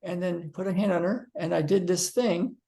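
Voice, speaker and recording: Animated male storyteller. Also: high voice, moderate pace, gravelly. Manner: animated storyteller, acting out quotes; frequent ums and restarts. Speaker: physical therapist. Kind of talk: storytelling monologue to viewers.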